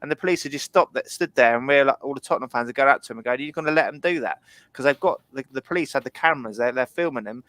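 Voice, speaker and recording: A man hosting a casual football podcast, blunt and sweary, quick to laugh. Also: mid-range voice, fairly bright tone, dry recording, poor audio. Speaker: podcast host. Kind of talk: casual chat.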